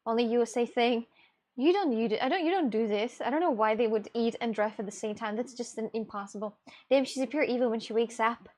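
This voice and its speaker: A woman's voice: fairly high pitch, fairly quick, a little mellow. A young woman chatting bluntly and rambling on a live stream, reading out chat messages and laughing often.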